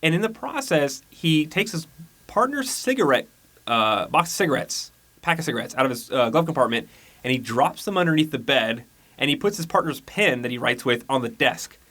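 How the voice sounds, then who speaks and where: A man's voice: a little high, expressive, a little fast, bright, forceful tone. Podcast co-host, man, loose rambling recap, slips into character voices. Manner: rambling storyteller, acts out characters' lines. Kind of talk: casual movie recap chat.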